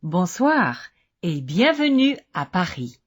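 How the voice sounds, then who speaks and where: A woman speaking short French phrases slowly and deliberately, as models for learners to repeat. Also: fairly low pitch, sing-song, slightly rough. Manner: slow, deliberate pronunciation. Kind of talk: slow model phrases for repetition.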